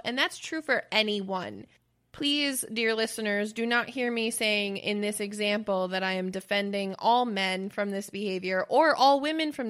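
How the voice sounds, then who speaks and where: Female podcast co-host, bright and slightly high, plainspoken and profane. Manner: blunt, profane and opinionated. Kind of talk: casual podcast chat.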